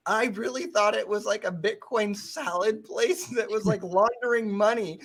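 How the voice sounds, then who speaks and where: Male co-host, high-pitched, playful and sarcastic in casual chat. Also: moderate pace. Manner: joking, animated, sarcastic. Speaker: podcast co-host. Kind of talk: casual podcast discussion.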